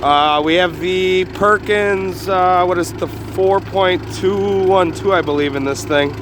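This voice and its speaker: Rambling young man outdoors by engine. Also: high voice. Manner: relaxed, rambling with frequent "uh" pauses. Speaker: homestead vlogger. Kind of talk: casual outdoor vlog narration. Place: outdoors on a snowy rural property. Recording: faint engine noise behind. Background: idling engine.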